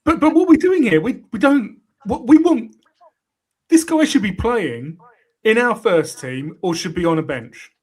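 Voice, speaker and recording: A man's voice: high voice, expressive, moderate pace, slightly rough. A man on a football podcast panel who talks in an exasperated way, stumbling through repeated restarts. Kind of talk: casual football chat.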